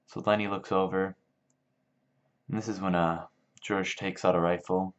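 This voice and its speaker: A man's voice: low-pitched, level tone, moderate pace, pauses often. A man casually retelling a book for laughs, in a loose, rambling way full of fillers. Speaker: video maker. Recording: dull lo-fi sound.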